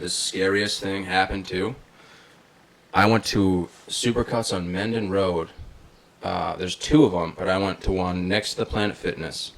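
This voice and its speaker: A young man, a comedian guest, telling stories in casual chat, animated and swearing often with lots of "dude". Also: low voice, creaky. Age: young adult. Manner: profane, animated retelling with frequent "dude". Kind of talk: casual storytelling.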